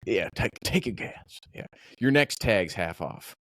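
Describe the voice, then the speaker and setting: A man from Minnesota, a podcast host, telling a story in casual chat with animated swearing. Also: lowish voice, a little slow, dry recording, studio quality.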